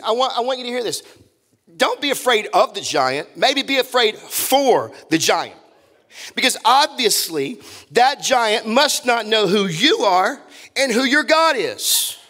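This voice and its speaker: A man preaching a sermon as pastor, telling a story with lively, casual acted-out quotes. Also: high-pitched, in a large hall. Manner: animated storytelling, acts out quotes in casual voices. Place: church auditorium.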